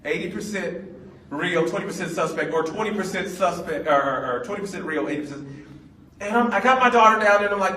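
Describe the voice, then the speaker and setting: A man's voice: high voice, quick pace, bright, forceful tone, slight background noise. A man in his forties, a pastor telling a funny story in a sermon, playful and laughing often. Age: 40s. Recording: echoey room, mic at a distance.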